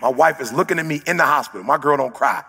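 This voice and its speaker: Gravelly, shouting motivational speaker man. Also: on the high side, fast talker, big-room sound. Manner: casual slangy storytelling, bursts into shouts. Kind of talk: storytelling speech.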